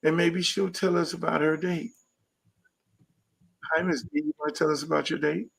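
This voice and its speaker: Brief: blunt, brash male talk host with a high voice who rants profanely and does not hold back. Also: little pitch movement, normal speed, creaky, fairly bright tone, slightly rough. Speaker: podcast host. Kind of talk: casual talk show monologue.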